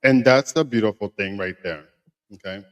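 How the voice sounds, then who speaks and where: A man in his thirties, a podcast co-host, telling a personal story in casual conversation, emphatic and animated, repeating phrases for effect. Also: fairly low pitch, moderate pace.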